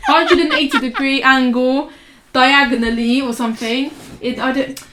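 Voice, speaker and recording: A woman's voice: high-pitched, moderate pace, sharp tone, slight background noise. Rambling young woman, roomy sound. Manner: rambling storyteller, restarts often, laughs a lot. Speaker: podcast co-host. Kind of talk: casual chat. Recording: roomy echo.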